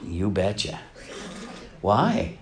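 Preacher man swinging hushed to emphatic. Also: sits low, sing-song, very slow, crowd noise. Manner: swells from hushed to loud and emphatic. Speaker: pastor. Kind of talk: sermon.

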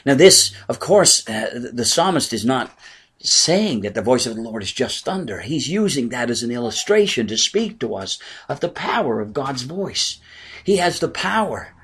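A man preaching a sermon in earnest, rising for emphasis and dropping low and soft at times. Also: very animated, moderate pace, husky. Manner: earnest preaching, swelling and dropping to near whispers. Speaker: pastor.

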